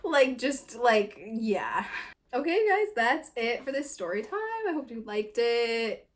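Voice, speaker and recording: A woman's voice: a little high, sing-song, slow pace. A young woman telling a storytime vlog, casual, packed with filler words and swearing. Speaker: vlogger.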